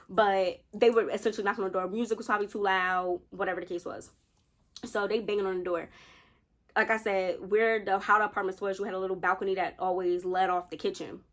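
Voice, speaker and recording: A woman's voice: mid-range voice, fairly bright tone. A woman in her twenties casually telling a storytime to her viewers, chatty and direct. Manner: chatty, addresses viewers as y'all. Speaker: vlogger.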